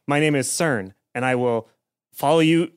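A man's voice: on the high side, unhurried, clean tone. A man voicing an effusive, grateful male lizard man who is eager to please. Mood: devoted.

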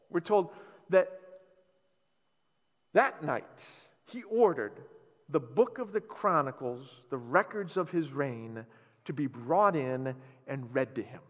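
A man preaching a sermon, telling a story with animated delivery and playful asides. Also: fairly high pitch, long reverb tail. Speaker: pastor.

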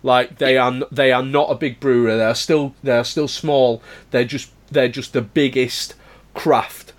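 A man on a casual podcast, explaining things in a measured way with some restarts. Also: mid-range voice, steady tone.

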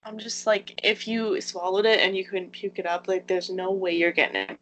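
A woman's voice: mid-range voice, steady tone, normal speed, fairly bright tone, slight background noise, poor audio. A young woman co-hosting a casual podcast, reacting to her friend with squeamish, exaggerated disgust. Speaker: podcast co-host. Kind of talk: casual chat.

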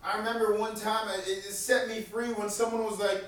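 A man with a notably high voice preaches a sermon, earnest and conversational, often repeating a key line to drive it home. The sound is very echoey, as if recorded from a distance in a large church room. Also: a little fast, a bit bright. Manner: repeats key lines for emphasis. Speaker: pastor.

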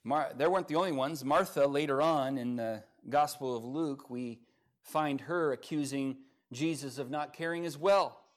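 A man preaching as pastor at a church service, with folksy humor, swinging from quiet asides to loud, rising passages. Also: medium pitch, normal speed. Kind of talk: sermon.

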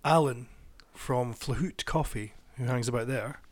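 A man with a mid-range voice chats casually on a radio show. He speaks softly and a little hesitantly. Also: mid-range voice, unhurried, slight background noise. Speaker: radio co-host.

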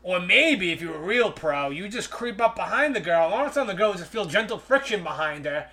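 Thirties male guest, high bright tone, loose rambling comic storyteller. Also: lively intonation, quick pace. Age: 30s. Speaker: podcast guest. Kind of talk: casual podcast chat.

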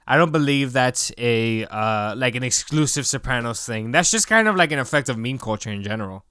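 A man's voice: medium pitch, animated, brisk, sharp tone, clear, resonant tone, no room sound, studio quality. A young man co-hosting a casual podcast, talking loosely with lots of fillers and some swearing. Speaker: podcast co-host. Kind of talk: casual chat.

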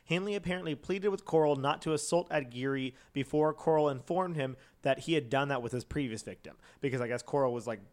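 A man co-hosting a comedy podcast, narrating a true crime case in a loose, rambling way. His voice sits at an everyday middle pitch. He fills gaps with "like" and "um" and laughs easily along the way. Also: fairly quick, few pauses. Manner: rambling, many fillers, laughs often. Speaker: podcast co-host telling a true crime story. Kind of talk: casual storytelling chat.

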